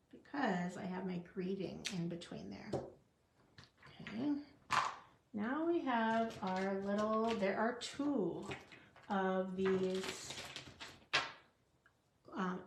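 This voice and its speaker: Slow, gravelly-voiced woman crafting. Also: medium pitch, roomy sound. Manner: chatty, talks to herself while working, small laughs. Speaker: card-making demonstrator. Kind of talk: casual stamping tutorial.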